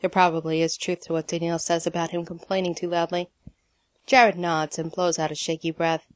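A woman narrates a story with a steady, even delivery and a fairly low voice. The recording is dry and close, with no room sound. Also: brisk, no room sound. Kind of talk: audiobook reading of fiction.

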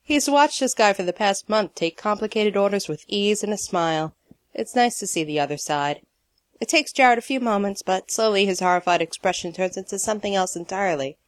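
A woman narrating a piece of fiction in a steady storytelling manner. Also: medium pitch, fairly quick, no room sound. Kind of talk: audiobook reading of fiction.

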